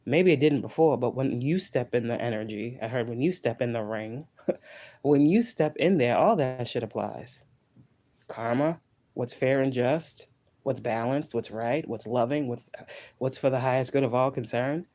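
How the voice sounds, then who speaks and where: Mellow-voiced man giving a loose spiritual talk. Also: mid-range voice, normal speed. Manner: loose, profane and repetitive, with chanted lists. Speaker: spiritual tarot reader. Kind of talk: casual spiritual pep talk.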